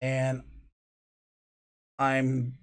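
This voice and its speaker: A man's voice: mid-range voice, completely flat delivery, drawn-out words, clean tone. A man co-hosting a casual podcast, rambling through jokes and tangents and laughing often. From lived in Florida. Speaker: podcast co-host. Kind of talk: casual chat.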